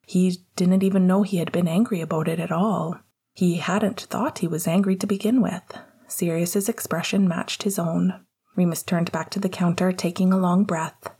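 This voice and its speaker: A woman narrates a story in a soft, hushed whisper, slow and even. Her voice is low, warm and breathy, close and intimate. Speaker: audiobook reader.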